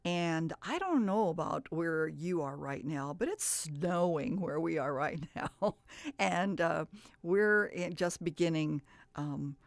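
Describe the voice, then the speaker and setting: A woman with a low voice and a gravelly edge gives a reading lesson. She is patient and encouraging and goes through each point step by step. The sound is dry and close, with no room around it. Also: takes it slowly, no room sound. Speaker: teacher. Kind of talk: instructional presentation.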